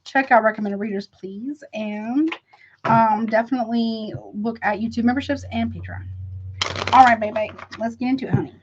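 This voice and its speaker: A woman reads tarot for her viewers in a loose, chatty livestream, calling them honey and baby. Her voice sits fairly high, and she talks frankly with rambling asides. The recording sounds dull and lo-fi. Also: fairly even intonation, normal speed, slight background noise. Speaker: tarot reader. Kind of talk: casual tarot reading livestream.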